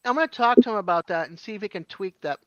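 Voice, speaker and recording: A woman guest chats casually on a live stream, rambling and pausing with ums. Her voice comes through dry and dull, like a video call. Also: medium pitch, a bit bright, no echo. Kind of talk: casual chat.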